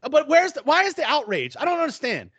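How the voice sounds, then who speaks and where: High bright voice guy ranting about football, swears a ton, dry close mic. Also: huge pitch swings, fast, gravelly, no echo, dull audio. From New Orleans area. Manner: blunt, profane, ranting. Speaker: podcast co-host. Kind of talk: casual sports chat.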